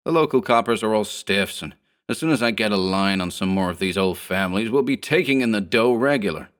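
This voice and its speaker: A man's voice: on the low side, lively intonation, a little fast, clean tone, natural voice. A man doing a sneering 1930s gang boss. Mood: scornful. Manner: 1930s gangster slang, snarling. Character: short slick male gang boss, scornful.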